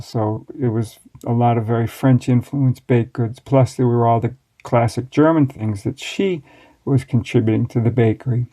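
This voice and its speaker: An American man in his sixties, a master baker, telling stories from his past in a relaxed, wry way as an interview guest. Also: medium pitch. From United States. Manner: relaxed, reflective, wry storytelling. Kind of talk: storytelling interview answers.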